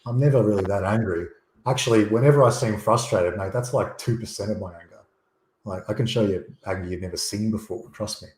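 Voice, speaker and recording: Joining a casual chat as a guest over a video call, a man speaks bluntly and with strong opinions, swearing freely. His voice is fairly low and somewhat dark, a bit fast, and the room sounds echoey.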